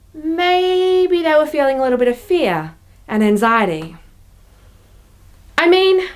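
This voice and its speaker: Young woman pastor, high voice, chatty reflective sermon delivery. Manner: conversational, reflective, with playful voiced asides. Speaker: youth and young adults pastor.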